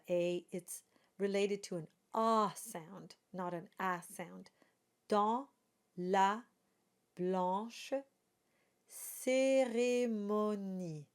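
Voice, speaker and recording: A woman walks a student through pronunciation at an unhurried pace. She models each sound carefully and repeats it. Her pitch sits in an ordinary middle range. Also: clear, resonant tone. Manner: patient, models sounds slowly and repeats them. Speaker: singing and pronunciation coach. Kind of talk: pronunciation lesson.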